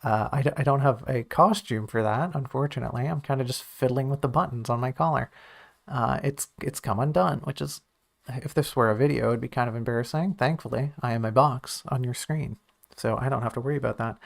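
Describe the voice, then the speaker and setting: A man with a gravelly, creaky voice talks through his own writing on a casual stream. He thinks aloud and is quick to poke fun at himself. His pitch sits in the middle range for a man. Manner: thinking aloud, self-critical and joking. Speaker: writer reviewing his own draft on stream.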